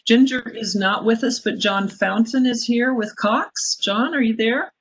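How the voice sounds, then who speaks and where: A woman's voice: fairly high pitch, a little slow, a bit bright, husky. A woman hosting a video-call mentoring meeting, introducing each guest with effusive, chatty remarks. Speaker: meeting organizer. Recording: muffled video-call audio.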